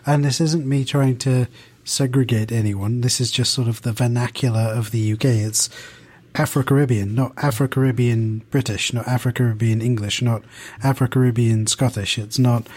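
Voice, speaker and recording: A man's voice: medium pitch, fairly even intonation, moderate pace, darkish tone. Uk man, podcast co-host, casual and thoughtful, keeps circling back to his point. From United Kingdom. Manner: thoughtful, rambling with many restarts and fillers.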